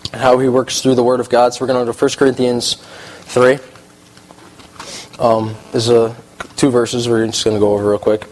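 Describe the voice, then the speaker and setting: A man of middle pitch preaches in a relaxed, conversational way. He gets animated and emphatic, repeating phrases for weight. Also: poor audio. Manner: animated, emphatic, rises in pitch when excited; repeats phrases, casual slang. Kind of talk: casual sermon.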